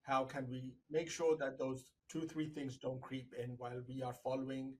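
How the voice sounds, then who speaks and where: A man hosting an interview puts his questions in a measured way, pausing on "uh" and "um." His voice stays at a middle pitch. It moves very little and sounds quite level. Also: little pitch movement, darkish tone, slight background noise, poor audio. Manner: measured questions with frequent fillers. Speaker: podcast host and interviewer.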